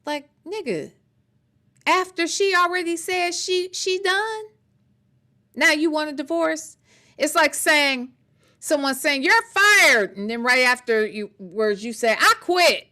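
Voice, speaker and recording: A woman's voice: high-pitched, measured pace. A woman in her forties giving casual, chatty commentary and talking straight to her viewers. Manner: chatty, animated, talks to the chat directly. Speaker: commentary streamer.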